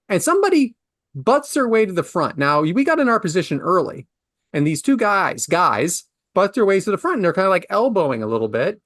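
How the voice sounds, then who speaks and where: A man in his forties tells a story in a ranting, exasperated way, his pitch leaping from low mutters to high outbursts. The sound is close and dry, with no room around it. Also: a bit bright, dry recording. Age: 40s. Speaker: podcast host. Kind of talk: casual storytelling.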